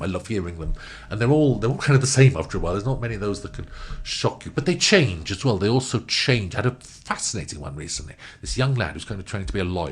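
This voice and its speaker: A middle-aged man talking as a guest screenwriter, enthusiastic and gushing with quick bursts of excitement. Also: fairly low pitch, breathy edge. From Wales. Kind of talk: casual chat.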